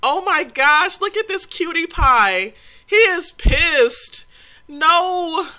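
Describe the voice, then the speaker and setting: A woman's voice: very high-pitched, expressive, slow, sharp tone. A woman hosting a life-simulation game series, chatting about the story in a gossipy, giggly way with lots of fillers. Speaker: let's play host narrating a life-sim story. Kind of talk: casual gameplay commentary.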